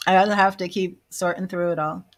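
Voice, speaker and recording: A woman giving a live-stream psychic reading, chatty and self-amused, now and then dropping into soft murmured asides as she calls out names to her viewers. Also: on the low side, fairly even intonation, normal speed. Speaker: psychic medium reader.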